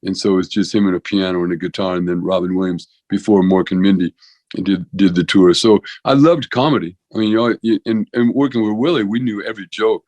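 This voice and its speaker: A man's voice: low-pitched, quick pace, darkish tone, dry recording, highs cut off. A man in his sixties, a veterinarian and comedian, telling rambling stories as a podcast guest, with lots of restarts and "you know". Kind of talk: rambling conversational storytelling.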